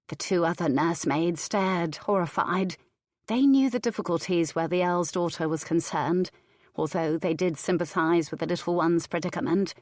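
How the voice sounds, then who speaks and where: Lower-voiced woman reading a romance audiobook. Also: dry recording, studio quality. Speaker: audiobook narrator. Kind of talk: scripted narration.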